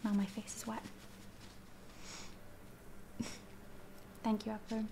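A woman's voice: fairly high pitch, completely flat delivery, takes it slowly, creaky, dark tone, a little hiss or hum. A woman streaming a game late at night, tired and teary, rambling casually with lots of "like" and "dude". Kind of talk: casual live-stream chat.

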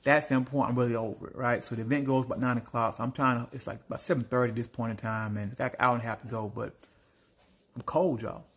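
A man telling a story to his viewers in a blunt, animated way, calling them family. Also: medium pitch, quick pace. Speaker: small business owner vlogging.

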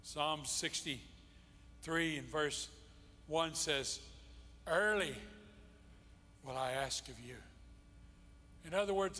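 In a church sanctuary with long reverb, a male pastor preaches an impassioned, emphatic sermon and keeps repeating key phrases. His voice runs high, pushed and bright, over a little hiss or hum.

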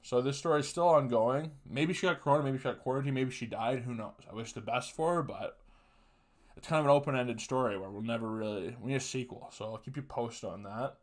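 A man's voice: mid-range voice, brisk. A man in his twenties hosting a podcast, telling casual profane stories on his own and laughing through them. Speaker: podcast host. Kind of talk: casual solo storytelling.

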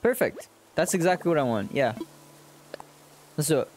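Playful streamer with a lively voice. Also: medium pitch, moderate pace, faint music behind. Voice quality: playful, crude joking. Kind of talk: casual gameplay commentary.

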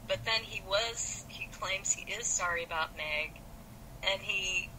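A woman's voice: medium pitch, measured pace, background noise. A woman co-hosting a book podcast, reading passages aloud and adding wry, opinionated comments. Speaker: podcast co-host. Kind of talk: casual chat and reading aloud from a novel.

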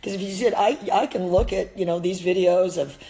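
A woman's voice: on the low side, fairly quick, mellow, poor audio. A woman with a Midwestern accent, an e-collar dog trainer giving a blunt, emphatic live-stream rant and swearing freely. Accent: Midwestern American.

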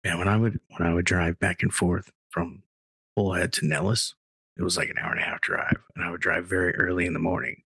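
A man co-hosting a podcast in casual banter, joking in a playfully hushed voice. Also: low-pitched, level tone, brisk, breathy edge, no echo. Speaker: podcast co-host.

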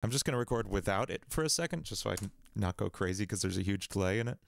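A man hosting a casual music production livestream from a home studio, thinking aloud in a relaxed, rambling way. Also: fairly low pitch, fast, creaky.

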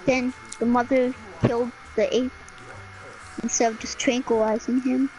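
Female streamer, high voice, slow delivery, melodramatic with sudden shouts. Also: flat delivery, faint music behind, low-quality recording. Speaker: gaming streamer. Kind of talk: casual gameplay chat.

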